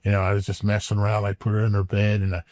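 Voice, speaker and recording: A man's voice: fairly low pitch, monotone, rapid-fire, darkish tone, dry recording, clean studio sound. A man co-hosting a podcast, telling a personal story in a laid-back drawl that stammers and repeats words. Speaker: podcast co-host. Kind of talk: casual storytelling chat.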